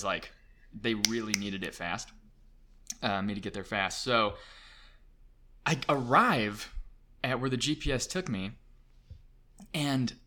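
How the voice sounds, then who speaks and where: A man as a podcast guest, telling an excitable, self-mocking story and acting out voices in a casual chat. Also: mid-range voice.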